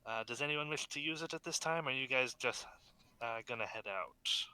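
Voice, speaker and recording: A man narrating as game master over a video call, unhurried and halting with many fillers. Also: mid-range voice, pushed and bright, clear, resonant tone, dry recording.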